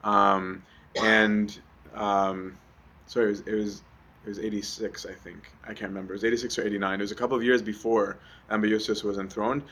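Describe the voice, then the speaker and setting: A man's voice: on the low side, little pitch movement, fairly quick, a bit bright, slight background noise. A young adult man giving a conversational sermon, often asking "right?" with many ums. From Egypt. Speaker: preacher.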